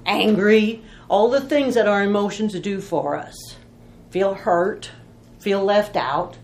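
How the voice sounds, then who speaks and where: A woman's voice: on the low side, a little mellow, roomy sound, a little hiss or hum. A woman teaching a Bible study in an informal, folksy way, telling stories and asking rhetorical questions.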